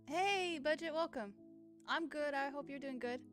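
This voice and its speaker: A woman gaming streamer doing chatty, excitable commentary, often laughing. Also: high voice, normal speed, soft background music. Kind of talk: live game commentary.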